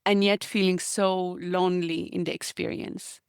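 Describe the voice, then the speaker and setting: Gravelly-voiced woman sharing heartfelt stories. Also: on the low side, level tone, normal speed, no room sound, clean studio sound. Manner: earnest, heartfelt storytelling. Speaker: guest author. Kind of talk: reflective interview conversation.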